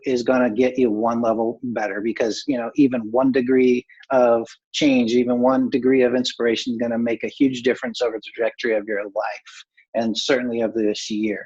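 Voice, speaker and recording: A man coaching an online workshop in a casual, upbeat way, with many filler words, over a video call. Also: medium pitch. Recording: muffled lo-fi video call audio.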